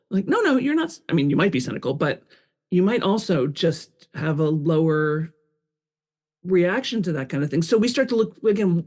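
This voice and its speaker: Expressive woman talking candidly. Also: on the low side. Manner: expressive, acts out her own quoted thoughts with laughs. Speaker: podcast guest, author. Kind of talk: conversational interview.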